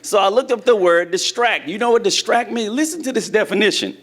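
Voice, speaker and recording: A man preaches to his congregation in a loose, conversational way, often putting questions to the room. His voice sits a little high for a man, and it swings up and down with animation. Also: lively intonation, a little fast, fairly bright tone. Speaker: church teacher. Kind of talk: sermon to a congregation. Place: church hall with a congregation.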